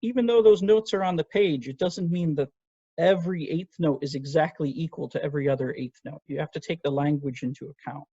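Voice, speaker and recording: A man's voice: on the high side, a little fast, mellow, husky, no room sound. A man teaching an online voice lesson, patiently explaining technique and singing short phrases to demonstrate. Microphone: video call. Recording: dull, lo-fi video call audio.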